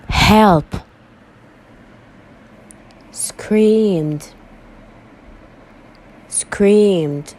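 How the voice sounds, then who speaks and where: A woman with Arabic as her first language, teaching English by reading a story aloud and saying each vocabulary word twice, clearly and carefully. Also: medium pitch, darkish tone, poor audio. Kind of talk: slow read-aloud English lesson.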